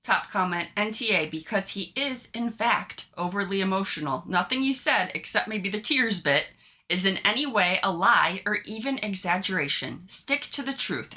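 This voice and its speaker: A woman co-hosting a casual podcast, reading online posts aloud and chatting with an animated, giggly manner. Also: medium pitch, normal speed. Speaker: podcast co-host reading stories.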